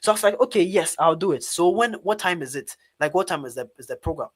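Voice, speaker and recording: A Ghanaian man with a fairly high voice tells a story in an online public speaking webinar. He speaks in an animated, lively way, calling his listeners "guys" as he goes. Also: quick pace. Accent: Ghanaian English. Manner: animated, talks directly to his audience as "guys".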